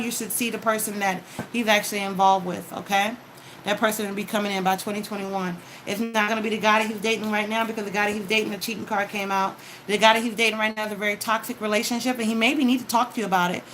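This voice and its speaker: A woman's voice: mid-range voice, fairly bright tone, a little hiss or hum, poor audio. A woman giving a casual tarot reading, talking straight to the viewer with advice and frequent "okay?" check-ins. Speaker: tarot card reader.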